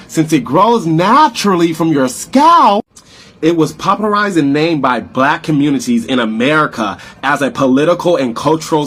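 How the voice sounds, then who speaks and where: Slow, lively explainer narration by a man. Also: on the high side, husky.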